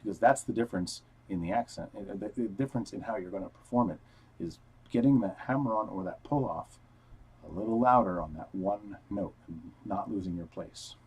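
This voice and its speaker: Brisk and slightly rough, his lowish voice has a little mellowness, captured in a low-quality recording. He gives a casual live-streamed guitar lesson, explaining step by step and counting notes as he plays, on headphones with a wired mic and guitar sounding behind.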